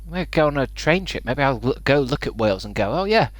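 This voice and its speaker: A young man talks on a game stream, sweary and animated. His voice sits at a middle pitch, very dry and close. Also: fast talker, no room sound. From Britain. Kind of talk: casual gaming livestream chat.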